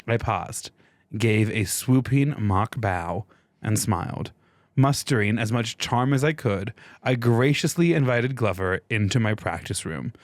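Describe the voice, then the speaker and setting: A man co-hosting a podcast, chatting casually and reading a passage aloud in an animated way, often chuckling. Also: on the low side, no echo. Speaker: podcast co-host.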